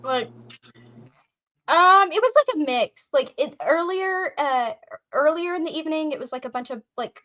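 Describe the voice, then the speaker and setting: A woman co-hosting a casual chat, telling stories in an animated way and swearing freely. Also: sits high, moderate pace, lo-fi sound. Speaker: podcast co-host.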